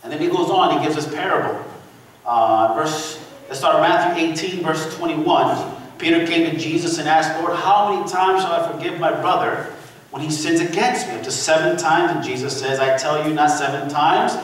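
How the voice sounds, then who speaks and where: A man preaching a sermon to a congregation in a church, telling a story with lively calls for the listeners to answer back. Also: fairly high pitch, normal speed, slight background noise. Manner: animated storytelling with call-and-response to the congregation. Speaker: pastor. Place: church sanctuary. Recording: echoey church hall from far off.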